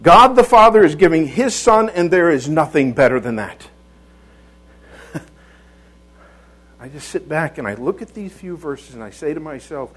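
A man's voice: fairly high pitch, animated, normal speed, pauses often, a bit bright, poor audio. A man preaching a conversational sermon in a church, folksy, often repeating words and asking rhetorical tag questions.

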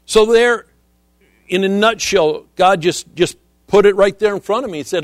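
A middle-aged man preaching a sermon as a visiting missionary, earnest and measured, often quoting scripture. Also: high-pitched, no room sound, clean studio sound.

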